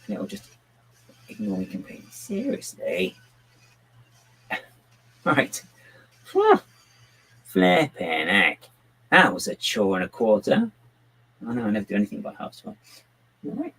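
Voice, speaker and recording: A man with a lowish, slightly husky voice talks casually on a live stream. His pitch swings widely as he mutters through his building and chats to a pet on his lap. He stays easygoing and chatty throughout. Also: huge pitch swings, normal speed, pauses often, bright, forceful tone, rough recording. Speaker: livestreaming brick builder.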